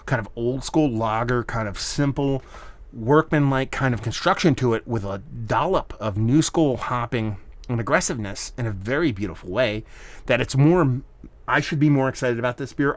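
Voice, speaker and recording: A man talking through a beer review in a loose, casual way. He rambles, circles back, and leans heavily on fillers like "kind of" and "like." His pitch sits right in the ordinary middle for a man. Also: fairly quick, dry recording. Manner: rambling, hedging with lots of fillers.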